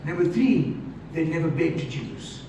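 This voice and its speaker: A man preaching a sermon as pastor, emphatic and shouting at times, then dropping suddenly to quiet. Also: on the high side, expressive, moderate pace. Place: large church hall. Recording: echoey hall from far off, faint noise.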